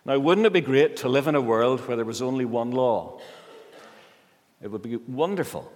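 A man's voice: mid-range voice, expressive, a little mellow. Man preaching in a reverberant hall. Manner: measured preaching with slow emphatic pauses. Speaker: pastor. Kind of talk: sermon. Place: church.

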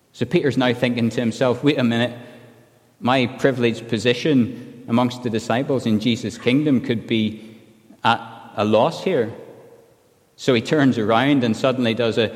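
A man preaching an earnest expository sermon, now and then acting out quoted lines. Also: medium pitch. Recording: long hall reverb.

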